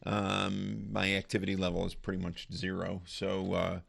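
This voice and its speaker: A man's voice: sits low, completely flat delivery, normal speed, creaky, a bit bright, slightly rough. An older man, a comedian guest, telling stories in a casual, profane, self-mocking way. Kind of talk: casual storytelling.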